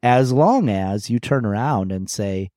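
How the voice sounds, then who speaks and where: Middle-aged guy on a podcast, lowish mellow voice, candid storytelling, dry close sound. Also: lively intonation, unhurried, no echo. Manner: reflective, candid storytelling with frequent restarts. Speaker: podcast co-host. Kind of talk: casual conversational podcast chat.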